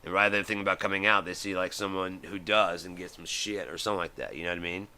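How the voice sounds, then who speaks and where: A man's voice: deep voice, fairly even intonation, fast talker, sharp tone. A man, middle-aged, hosting a live stream and ranting in a heated, profane way, acting out the voices he quotes. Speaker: host.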